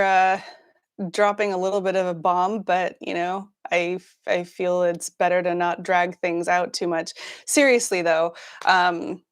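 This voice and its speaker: A woman hosting a news livestream, chatting casually with many fillers and restarts, laughing often. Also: on the low side. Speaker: news show host.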